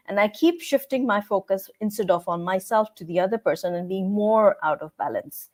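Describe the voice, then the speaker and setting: A woman's voice: medium pitch, fairly quick, few pauses. A woman hosting a podcast who affirms her guest and tells personal stories in conversation. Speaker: podcast host.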